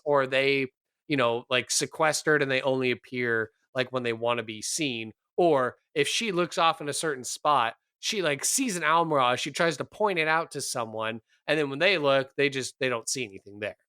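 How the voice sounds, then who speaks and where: A man playing in a tabletop game, describing his character's actions in an animated, rambling way. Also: mid-range voice, smooth, no room sound. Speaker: player. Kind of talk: tabletop game role-play.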